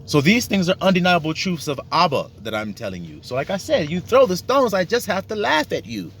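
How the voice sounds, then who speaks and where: Emphatic preacher man, lively pitch. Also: a little fast, a little hiss or hum. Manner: emphatic and profane, acting out dialogues. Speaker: religious teacher. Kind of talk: casual sermon.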